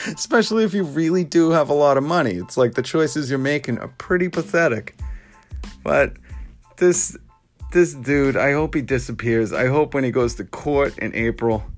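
A man's voice: mid-range voice, lively intonation, normal speed, faint music behind. A man hosting a podcast, ranting with sarcastic scorn and chuckling at his own remarks. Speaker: podcast host. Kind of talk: ranting commentary.

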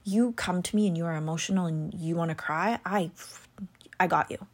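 A woman chatting casually about astrology, rambling and full of "like" and "you know", sometimes dropping into soft whispery asides. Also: lowish voice, normal speed. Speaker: astrology content creator. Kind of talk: casual chat.

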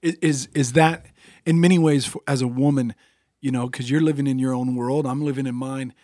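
A man's voice: mid-range voice, fairly even intonation, fairly quick, warm tone, no echo, clean studio sound. A man co-hosting a podcast, chatting reflectively and asking questions. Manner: reflective, asks guests questions. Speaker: podcast co-host. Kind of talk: casual chat.

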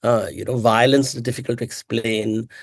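A man, an author answering interview questions in an animated, emphatic way, with rhetorical questions and frequent self-corrections. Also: medium pitch, normal speed, no room sound, clean studio sound. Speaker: author and mythologist guest.

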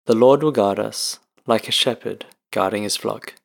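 Gravelly, low male church reader. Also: normal speed. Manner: solemn, formal reading. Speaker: lector. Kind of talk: liturgical reading.

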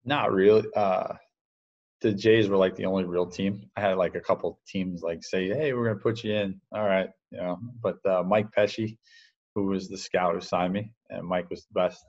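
Deep-voiced New man, laid back. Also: flat delivery, normal speed, darkish tone, dull audio. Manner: laid-back, rambling, full of fillers and laughs. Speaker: former minor league baseball catcher, guest. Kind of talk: casual storytelling interview.

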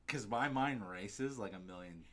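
A man co-hosting a podcast in casual chat, teasing his friend and getting excited. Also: lowish voice, a little slow. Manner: teasing, excitable, loud bursts of laughter. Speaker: podcast co-host.

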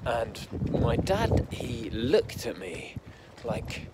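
A man's voice: mid-range voice, big pitch swings, extremely slow, heavy background noise. A young man from the English Midlands telling his own backstory in a casual, rambling way, full of fillers and heated swearing. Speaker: entrepreneur telling his story. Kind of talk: casual personal storytelling.

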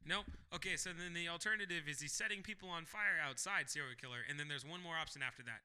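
A man's voice: fairly high pitch, fast talker, pushed and bright, smooth. A man co-hosting a podcast, leading the questions in a casual chat and laughing often. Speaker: podcast co-host.

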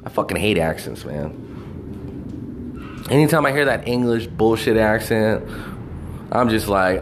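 A man's voice: medium pitch, very animated, measured pace, long pauses, slight background noise. A man ranting casually about movies, profane and rambling, with lots of fillers and restarts. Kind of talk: casual movie review rant.

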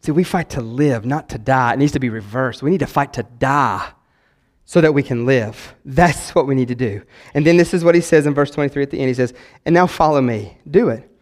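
A man, a pastor preaching a sermon in his church, swinging between loud exhortation and quiet emphasis. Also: medium pitch, a little fast, long reverb tail. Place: church sanctuary.

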